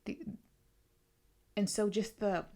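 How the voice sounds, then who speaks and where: A woman chatting through a casual book haul vlog as a book vlogger, outspoken and talkative, with quick asides. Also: medium pitch, steady tone, mellow.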